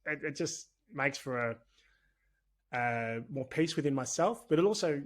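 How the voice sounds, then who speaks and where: Speaking at a measured pace, the Australian man has an expressive, medium-pitched voice. He's a business owner guesting on a podcast, rambling candidly and chattily through a casual interview.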